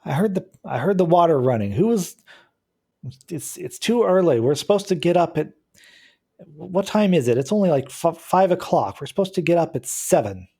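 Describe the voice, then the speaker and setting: A man's voice: fairly high pitch, sing-song, normal speed, mellow, slightly rough, pitched above the performer's own voice, full character voice. A man voicing an irritable young woman drug user who complains and bosses others around. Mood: irritated. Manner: bossy, complaining.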